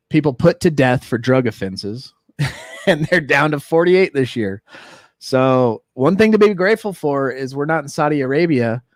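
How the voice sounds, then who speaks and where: A man's voice: mid-range voice, no echo, studio quality. A man hosting a recovery livestream in casual chat, laid-back and joking as he thanks viewers and shares news. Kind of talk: casual live-stream chat.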